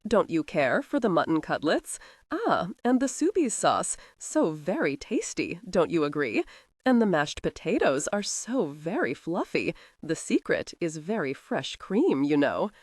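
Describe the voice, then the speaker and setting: A woman's voice: lowish voice, sing-song, measured pace, no room sound, studio quality. A woman voicing a witty young noblewoman who talks in a sweetly sarcastic, mock-guilty way. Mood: sly teasing.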